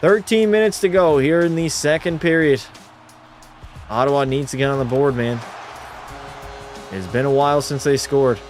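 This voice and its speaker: Speaking at normal speed with frequent pauses, a young man with a mid-range voice runs a live hockey watch party. He does casual play-by-play and answers his chat bluntly with jokes. Soft music plays behind him.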